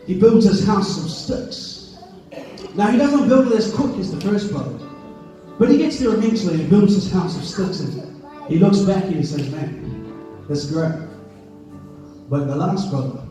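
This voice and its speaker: High-voiced preacher in an echoey church. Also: male voice, mellow. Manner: storytelling, builds to impassioned preaching. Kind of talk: sermon. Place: church sanctuary. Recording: echoey distant church hall with music. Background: music.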